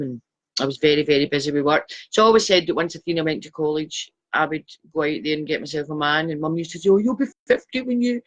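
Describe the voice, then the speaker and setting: A woman's voice: low voice, highs cut off. A middle-aged woman with a Glasgow Scottish accent hosting a casual live stream as a psychic. She chats along, greets viewers by name and pokes fun at herself. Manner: chatty, self-deprecating, greeting viewers by name.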